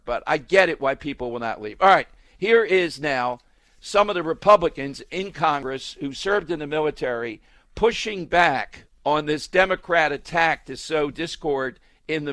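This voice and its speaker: A man's voice: a little high, normal speed, fairly bright tone, no room sound. A man hosting a political talk radio show, speaking emphatically and scornfully, hammering his points with repetition.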